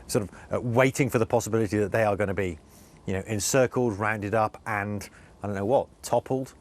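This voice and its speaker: A male correspondent reporting live in a news interview, earnest and halting with many restarts. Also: fairly low pitch.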